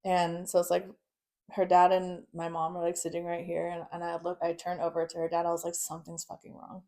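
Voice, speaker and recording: A woman's voice: on the low side, monotone, brisk, dark tone. A young woman telling a personal story casually and bluntly, swearing often. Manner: blunt, frequent swearing, nervous laughs. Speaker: guest.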